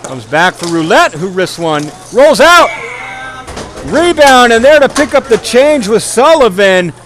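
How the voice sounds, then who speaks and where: A man calls a ball hockey game play by play in a high voice that leaps up and down. He sounds tired after hours of talking, yet keeps cracking jokes at his own expense. Each goal lifts him into a louder, quicker call. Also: soft background music. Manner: joking, self-mocking, rising excitement on goals. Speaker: play-by-play commentator.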